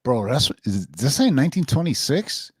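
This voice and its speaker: A man co-hosts a relaxed chat show, joking and swearing casually. His pitch moves around a lot as he talks. The sound is dry and close. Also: moderate pace, husky, no room sound. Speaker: co-host.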